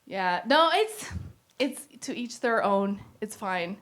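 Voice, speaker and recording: A woman doing a stand-up comedy set, telling jokes with lively leaps into acted quotes and laughing at her own lines. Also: medium pitch, slow pace. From Pakistan. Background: audience laughter.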